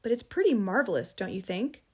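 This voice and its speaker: A woman's voice: mid-range voice, very animated, brisk, breathy edge. A woman voicing a six-year-old boy, proud and matter-of-fact. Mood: boyish.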